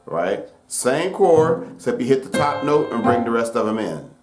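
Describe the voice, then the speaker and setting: A man's voice: medium pitch, moderate pace. Folksy man teaching piano, roomy echo. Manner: relaxed, folksy explaining with frequent fillers. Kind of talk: casual piano lesson. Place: room with piano.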